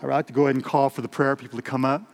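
A man's voice: medium pitch, level tone, racing, vocal fry, long reverb tail. A man preaching a sermon, retelling a story with acted-out voices and closing in prayer. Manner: acts out voices in the story, rising to emotional peaks. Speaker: pastor.

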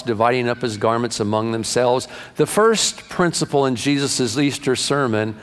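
A pastor, a man, preaching a sermon to his congregation in a folksy, joke-telling, emphatic way. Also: medium pitch. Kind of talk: sermon with jokes. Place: large church sanctuary. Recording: long hall reverb.

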